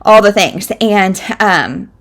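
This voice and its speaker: A chatty woman in her thirties talks through her week of reading in a loose, rambling way, full of ums and likes. Her voice sits at an ordinary middle pitch. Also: animated, takes it slowly, fairly bright tone. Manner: chatty, rambling with many fillers. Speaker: book vlogger. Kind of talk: casual chat.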